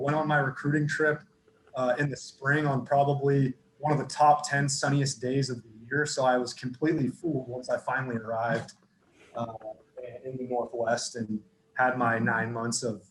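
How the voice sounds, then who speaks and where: A man's voice: medium pitch, moderate pace, a little hiss or hum. Laid-back man in an echoey room. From Northern California. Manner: relaxed and rambling, frequent fillers and restarts. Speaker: football strength coach, podcast guest. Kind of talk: casual podcast interview storytelling. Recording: echoey room with faint ambience.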